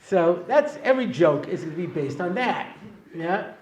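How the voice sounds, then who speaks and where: A man's voice: high-pitched, very animated, moderate pace, darkish tone, highs cut off, a little hiss or hum. A middle-aged man, a rabbi giving a humorous lecture, telling jokes and chuckling at them before a live audience. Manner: joking storyteller, chuckles at his own jokes.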